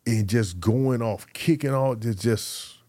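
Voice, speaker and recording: A man's voice: medium pitch, slow, no room sound. A man, telling stories as an interview guest and acting out the voices of people in them. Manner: animated storyteller who acts out quotes. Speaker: guest, former pro football player. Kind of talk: casual interview storytelling.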